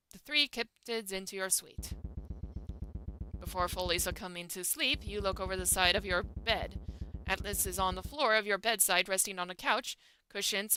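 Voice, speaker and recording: A woman streamer reading a game's story text aloud in a steady storybook manner. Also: medium pitch, a little hiss or hum.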